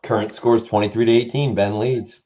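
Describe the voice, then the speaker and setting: A man's voice: fairly low pitch, fairly even intonation, fairly quick, dark tone, lo-fi sound. A man co-hosting a casual live stream, dry and offhand, coughing now and then. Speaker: co-host.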